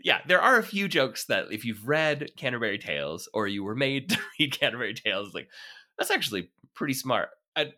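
A man hosting a film podcast, talking casually with halting restarts, fillers and frequent laughter. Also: medium pitch, very animated, bright, forceful tone. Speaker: podcast host.

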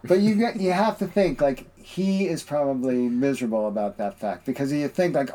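A man's voice: mid-range voice, normal speed, hardly any pauses, dark tone. A man co-hosting a podcast in casual political chat, ranting in an exasperated, emphatic way. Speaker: podcast co-host.

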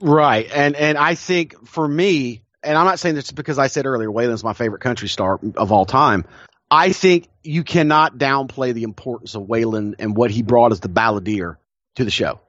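A man with a Southern American accent co-hosts a casual chat podcast, telling stories enthusiastically and laughing often. His medium-pitched, fairly bright voice moves at a moderate pace, and the dry, slightly muffled recording suggests a modest home mic.

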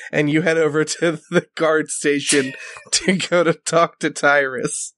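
A man's voice: a little high, steady tone, a little slow, fairly bright tone, no room sound. A man narrating as game master in a casual, playful way.

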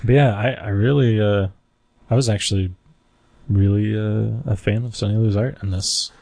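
Lower-voiced man cracking dry jokes. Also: fairly even intonation, moderate pace, creaky, mellow, no room sound. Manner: joking, dry banter. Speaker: podcast co-host. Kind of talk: casual comics podcast chat.

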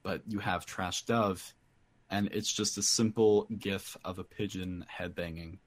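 A man co-hosting a podcast in laid-back casual chat, pausing to search for words. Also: deep voice, steady tone. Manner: laid-back, hunting for words, slow when explaining.

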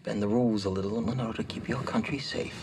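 An actor playing a cold scheming bureau chief. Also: male voice, lowish voice, fairly even intonation, fast talker, natural voice. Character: stern older male government chief, scheming. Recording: film trailer audio over loud music.

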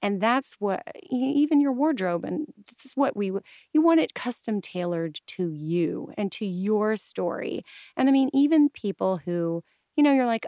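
A woman speaks as a guest in a casual interview, chatty and animated, often restarting her sentences and slipping into voices of the people she quotes. Her voice sits at an ordinary pitch. The sound is dry, with no room echo. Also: normal speed. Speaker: guest, improv coach and stylist.

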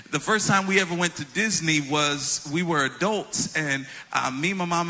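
A man's voice: fairly high pitch, bright, forceful tone. A man preaching a sermon to a congregation, storytelling and calling them y'all. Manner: storytelling, addresses audience as y'all. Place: in front of a congregation.

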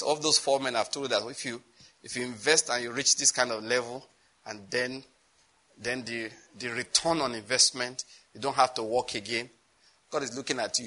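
Bright-voiced preacher. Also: male voice, medium pitch. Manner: animated, laughing, acting out dialogue. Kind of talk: sermon.

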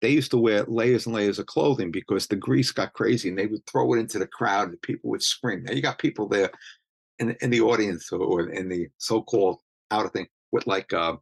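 A man's voice: on the low side, brisk, vocal fry, husky, dry recording. A man, telling stories in casual chat, rambling with many restarts. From Brooklyn, New York. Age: 70s. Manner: rambling, full of restarts and you-knows. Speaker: interviewee, street photographer.

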